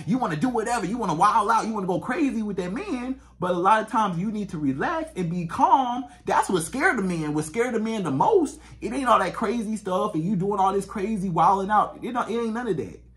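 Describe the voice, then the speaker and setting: A man, a dating coach giving blunt, emphatic advice straight to camera and repeating catchphrases. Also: high-pitched. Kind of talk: direct-to-camera advice monologue.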